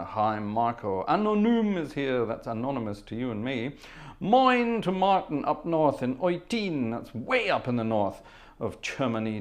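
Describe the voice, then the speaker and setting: Chatty male livestream host, mid-pitched voice, jokey asides, reads out viewer names. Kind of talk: casual livestream chat. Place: home music room. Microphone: headphones.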